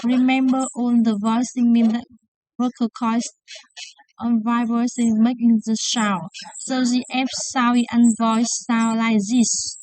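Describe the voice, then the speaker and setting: Brief: woman, Vietnamese first language, patient pronunciation teacher, slightly high voice, very slow deliberate delivery. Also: level tone, darkish tone, no room sound, low-quality recording. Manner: slow and deliberate, repeating words for practice. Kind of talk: slow pronunciation lesson with drills.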